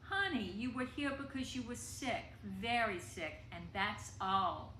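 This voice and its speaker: A woman voicing a gentle mother who comforts her sick young daughter. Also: on the high side, animated, unhurried, full character voice. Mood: soothing. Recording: echoey room with faint noise.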